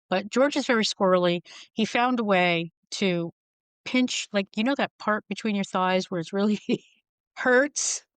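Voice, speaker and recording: A woman's voice: lowish voice, dry recording. A middle-aged woman speaking frankly as a podcast guest, telling wry stories and acting out the people in them. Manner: frank, wry, acts out quoted voices. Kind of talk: candid storytelling conversation.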